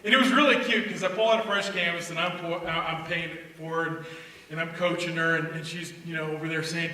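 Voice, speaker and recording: A middle-aged man telling a storytelling sermon to a church gathering and acting out family dialogue in a lively way. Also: fairly high pitch, brisk. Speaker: speaker at a church youth gathering. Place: church hall. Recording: echoey hall from far off, faint noise.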